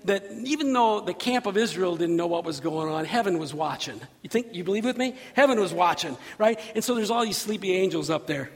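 A male pastor delivers a lively sermon, retelling the scripture story with acted voices and bursts of shouting. His voice sits very high and has a gravelly edge. The sound carries the long reverb of a large hall. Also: brisk, few pauses.

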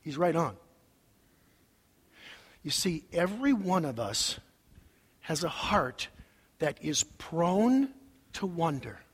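A man preaching a sermon as pastor, dropping to hushed near-whispers and rising to shouts, sometimes singing lines of a hymn. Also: on the high side, very animated, takes it slowly, slightly rough. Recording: long hall reverb.

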